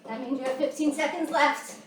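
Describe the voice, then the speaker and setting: A woman's voice: high-pitched, fairly even intonation, brisk, a bit bright, a little hiss or hum. A woman fitness instructor coaching a workout while doing it herself, out of breath, counting down and calling out moves. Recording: echoey room, voice from far off, music playing.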